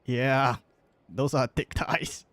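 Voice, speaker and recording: Slow, joking man streaming a game. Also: mid-range voice, fairly bright tone, no room sound. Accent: Southeast Asian English. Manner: playful, rambling, joking, halting with fillers. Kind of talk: casual game commentary.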